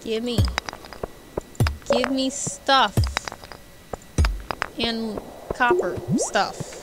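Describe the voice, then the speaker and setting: Young woman gamer rambling on stream, kinda high voice, game music going behind her. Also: lively intonation, extremely slow, poor audio. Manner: chatty, rambling, playfully yells at enemies. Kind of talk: casual gameplay commentary.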